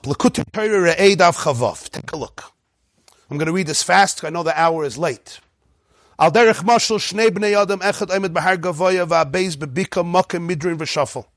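A man teaching a lively Torah class, reading Hebrew passages and acting out dialogues in changing voices. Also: high-pitched, no echo, clean studio sound. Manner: mixes Hebrew text readings with English explanation.

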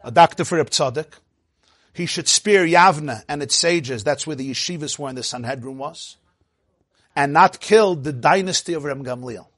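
A man teaching a Torah lecture, telling the story with animated delivery, laughing now and then, and mixing in Hebrew terms. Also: on the high side, moderate pace, dry recording, studio quality. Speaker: rabbi teaching.

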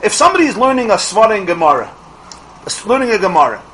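A middle-aged man teaching a Torah class as a rabbi, asking rhetorical questions and restarting his phrases quickly. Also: sits high, big pitch swings, a bit bright, slight background noise, rough recording.

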